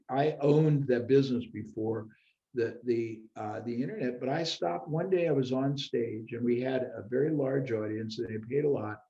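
A man's voice: mid-range voice, creaky, dark tone, muffled recording. A middle-aged man, a business owner and former seminar leader, talking reflectively in a casual conversation and repeating his points for emphasis. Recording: roomy echo.

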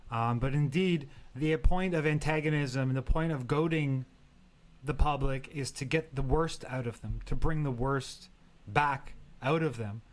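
A man hosting a political talk show, giving opinions in a halting way with many fillers and restarts. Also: medium pitch. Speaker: show host.

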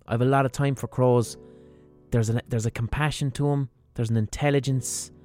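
An Irish man with a mid-range voice tells a rambling comic monologue, swearing often and riffing as ideas pop into his head. Faint music plays behind him. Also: mid-range voice. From Ireland. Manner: rambling, swearing, animated storytelling. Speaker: podcast host.

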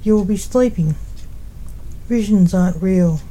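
A woman's voice: medium pitch, measured pace, dark tone, natural voice, low-quality recording. A woman reading the part of an anxious teenage goth boy who is a necromancer.

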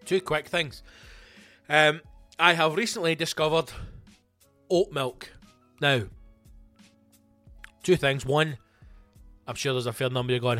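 Sweary Scottish comedian ranting. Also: male voice, fairly high pitch, steady tone, unhurried, long pauses, sharp tone, soft background music. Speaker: comedian host. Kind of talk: comedy podcast monologue.

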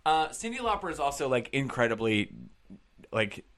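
A man's voice: mid-range voice, big pitch swings, normal speed, fairly bright tone. A man co-hosting a podcast, chatting casually about a TV episode, swearing and joking with lots of fillers. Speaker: podcast co-host.

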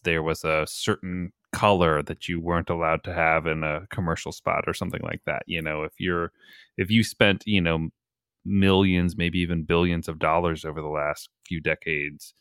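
A man's voice: sits low, pushed and bright, smooth, no echo, clean studio sound. A man co-hosting a podcast, giving rambling, playful explanations. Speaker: podcast co-host. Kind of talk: casual podcast chat.

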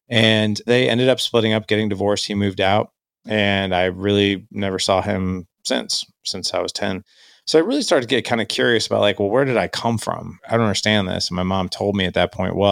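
Man, 30s, deep voice, reflective personal storytelling, dry sound. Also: creaky, fairly bright tone, no echo. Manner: candid, reflective, quotes himself and others.

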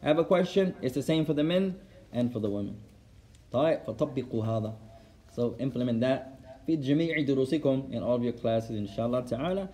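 A man's voice: medium pitch, fast, warm tone. A male teacher giving a classroom lesson, switching between Arabic and English and repeating words for the class. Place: classroom with students.

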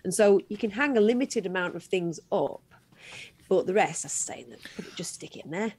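A woman's voice: mid-range voice, lively intonation, normal speed, a little mellow, slightly rough. A woman from England co-hosting a radio show, chatting casually with dry, teasing remarks. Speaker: radio co-host. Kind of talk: casual chat.

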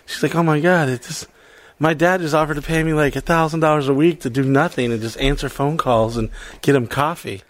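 A man's voice: on the high side, a little fast, no room sound. A man hosting a podcast, talking loosely and profanely and reading out listeners' names. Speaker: podcast host. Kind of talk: casual podcast chat.

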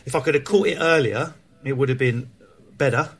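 A man with a London Cockney accent talks through a candid interview, frank and animated. He swears freely and trips over his own restarts as the thoughts come. His voice sits at an everyday middle pitch. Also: brisk, husky. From England. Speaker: stand-up comedian, guest.

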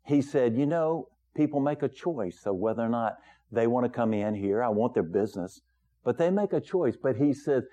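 A middle-aged male pastor preaching in a conversational way, telling an everyday story and then rising higher and louder on his main points. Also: expressive, normal speed. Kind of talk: sermon.

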